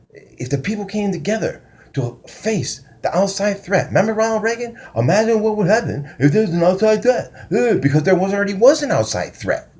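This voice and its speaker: A man's voice: medium pitch, darkish tone. A man delivering a loose, profane spoken teaching, drifting between topics with frequent restarts. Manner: profane, conspiratorial ranting. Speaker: self-styled spiritual teacher. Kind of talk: rambling spoken monologue.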